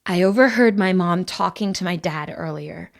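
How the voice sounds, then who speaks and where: A friendly, nervous boy who speaks lower, hushed and a little hesitant, as a woman reads him in an audiobook. He sounds chatty yet easily flustered. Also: moderate pace, creaky.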